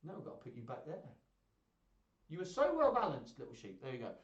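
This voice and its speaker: A man's voice: medium pitch, huge pitch swings, quick pace, reverberant, dull audio. A man hosting a live-streamed children's music show. He chats playfully with toys and viewers between songs. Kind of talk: live-streamed kids' singalong chat.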